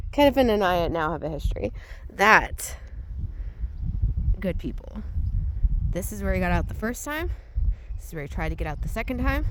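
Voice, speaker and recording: A young woman hosting a casual gratitude vlog outdoors on a rural property. She talks in a chatty way and slips into a high sing-song when she calls to her animals. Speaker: host.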